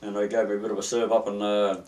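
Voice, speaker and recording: An older Australian man recalls his working life in a halting, rambling way, often restarting his sentences. His voice sits a little away from the mic. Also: lowish voice, little pitch movement, a little mellow, recorded from a distance. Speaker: retired merchant seaman. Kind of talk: oral history interview.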